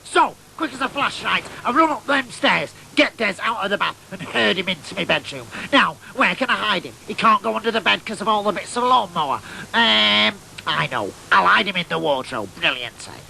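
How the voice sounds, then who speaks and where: A man playing an excitable boyish oddball, telling a comic tall tale in a nasal, chatty way. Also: sits high, normal speed, vocal fry, a little hiss or hum, full character voice, low-quality recording. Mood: excited. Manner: nasal, chatty, keeps asking "right?". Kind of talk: comic monologue storytelling.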